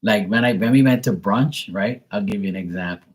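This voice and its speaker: A man with a slightly low voice talks loosely on a live stream, full of swearing and easy laughter. He rambles freely, like a casual chat with viewers. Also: a little fast. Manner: loose, profane and laughing, imitates accents. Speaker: live tarot reader and streamer.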